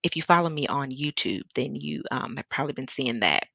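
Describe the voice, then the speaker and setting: A woman's voice: very deep voice, expressive, fairly quick, gravelly, fairly bright tone, no room sound. A woman from the Midwest with a Chicago accent, casually chatting and reading out viewer comments on a painting livestream, laughing often. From American Midwest. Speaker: artist livestream host. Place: home studio in Seattle.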